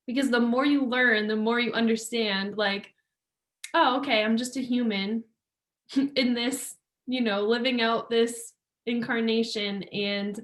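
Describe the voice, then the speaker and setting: A woman co-hosting a casual chat about yoga, earnest and warm with laughter, often acting out her inner thoughts. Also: a little high. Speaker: yoga teacher co-host. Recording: echoey room.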